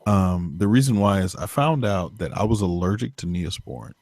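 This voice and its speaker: A man with a low voice tells a story on a podcast, rambling along and swearing freely. His voice sits close and dry, with no room sound. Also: animated, normal speed, a little mellow, dry recording. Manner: rambling, profane, filler-heavy. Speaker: podcast co-host. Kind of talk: casual storytelling chat.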